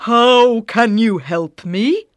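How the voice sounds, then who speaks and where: A woman voicing a big, proud but kind male lion in a children's story, speaking loudly and slowly. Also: a little high, dry recording. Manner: loud and drawn-out roaring.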